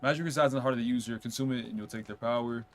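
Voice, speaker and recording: A man streaming a game, chatting casually, reading on-screen text aloud and reacting with quick outbursts. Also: medium pitch, faint music behind. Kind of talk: casual let's-play commentary.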